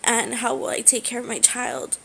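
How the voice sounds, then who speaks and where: A young woman speaking in a halting personal vlog, with many pauses and fillers, close to tears. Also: a little high, sing-song, vocal fry, a bit bright, slight background noise, poor audio. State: tearful. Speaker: vlogger.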